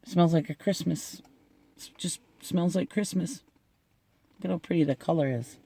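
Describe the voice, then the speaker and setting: A man's voice: a little high, normal speed, creaky, mellow, husky, no echo. A middle-aged man chatting casually in an unboxing video, gushing and laughing often as he talks. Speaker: unboxing vlogger.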